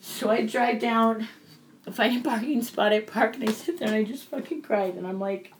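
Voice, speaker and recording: A woman candidly telling a personal story in casual conversation, animated and swearing freely. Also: medium pitch, a little fast, slight background noise. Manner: animated, acts out quoted voices, swears freely.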